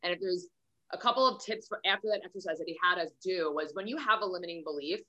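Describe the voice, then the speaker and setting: A woman's voice: lowish voice, fast talker, pushed and bright, highs cut off. A woman hosting a podcast, chatting in a candid, motivational way, swearing freely and acting out her stories. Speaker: podcast host. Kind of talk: casual motivational chat.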